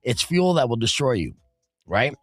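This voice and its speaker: A man's voice: mid-range voice, big pitch swings, moderate pace, fairly bright tone, dry recording. A man hosting a radio talk show, chatting casually and loosely with many fillers. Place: radio studio. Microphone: studio mic.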